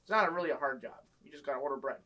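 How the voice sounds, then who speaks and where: A man's voice: medium pitch, racing, sharp tone, rough recording. A young man casually telling work stories, acting out a boss and customers in a raised voice. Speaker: storyteller guest. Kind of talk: casual chat.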